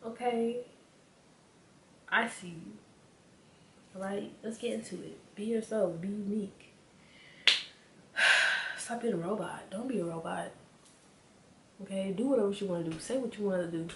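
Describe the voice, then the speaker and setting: A woman giving a casual, animated motivational talk straight to her viewers as a spiritual vlogger, repeating her points for emphasis. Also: medium pitch, normal speed, vocal fry, pauses often. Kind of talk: casual motivational rant to camera. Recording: echoey room with faint background hum.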